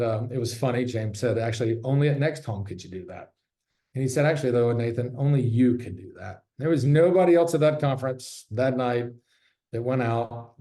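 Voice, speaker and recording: A man's voice: medium pitch, warm tone. A man who sells real estate, giving a casual, candid talk from his office, joking and swearing freely. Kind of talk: casual presentation. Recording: roomy echo.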